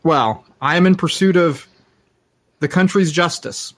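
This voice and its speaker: A man's voice: fairly high pitch, unhurried, fairly bright tone. A man voicing a pompous, formal male detective who speaks in stiff, old-fashioned phrases. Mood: haughty.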